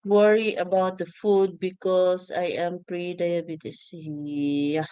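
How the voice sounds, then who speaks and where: A woman co-hosting a casual live-stream chat, talking haltingly and laughing often. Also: on the low side, little pitch movement, warm tone, smooth, no echo, muffled recording. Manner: halting, laughs often, reads viewer comments aloud. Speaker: podcast co-host.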